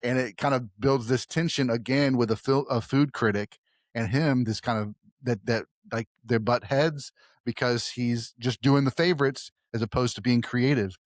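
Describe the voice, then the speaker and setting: A mid-pitched man hosting a movie podcast, loose and rambling, often circling back over his words. The sound is dry and close to the mic. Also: fairly even intonation, normal speed, no echo. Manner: rambling, trailing off and restarting often. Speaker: podcast host. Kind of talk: casual podcast chat.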